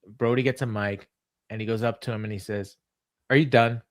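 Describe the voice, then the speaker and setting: This wrestling podcast co-host tells the story of a show in a loose recap, laughing frequently. His voice is lowish and fairly quick, with fairly even intonation. He's in a home studio on a remote call, with no room sound.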